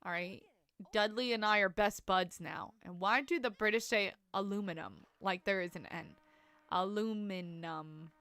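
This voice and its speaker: A woman's voice: mid-range voice, lively intonation, moderate pace, sharp tone. A young woman streaming a life-sim game, chatting to her viewers in a rambling, laugh-filled way. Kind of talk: casual live-stream chat.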